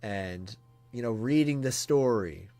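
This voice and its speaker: A man live-reacting on a stream, speaking slowly and earnestly. He is awestruck and emotional, and his sentences stall and restart as he searches for words. Soft music plays faintly behind him. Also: lowish voice, lively intonation. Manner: awestruck and halting, with many trailing restarts. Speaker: streamer reacting to a comic chapter.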